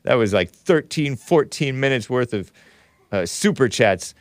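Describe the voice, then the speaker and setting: Rambling, animated male talk show host. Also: mid-range voice, measured pace, no echo, studio quality. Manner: rambling, wry asides, frequent self-corrections. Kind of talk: casual call-in show chat.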